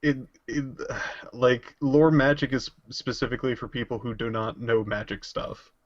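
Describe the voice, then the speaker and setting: A man's voice: mid-range voice, dry recording. Joking male tabletop player. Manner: laughs often, quick to argue his case. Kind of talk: casual tabletop game play. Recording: dull lo-fi mic.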